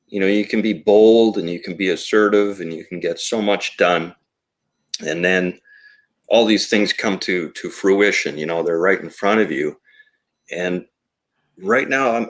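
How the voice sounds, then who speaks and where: A man, co-founder of a toy company, talking in a casual podcast conversation in a rambling, reflective way with many fillers. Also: lowish voice.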